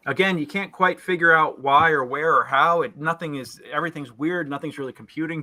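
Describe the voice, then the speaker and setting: Man game master, bright tense voice, descriptive narration, halting restarts. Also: a little high. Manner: descriptive, with frequent fillers and restarts.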